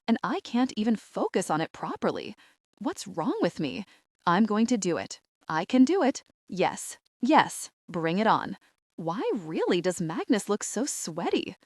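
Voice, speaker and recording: A woman narrating a romantic comedy audiobook in the first person, animated and exasperated. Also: medium pitch, no echo, clean studio sound.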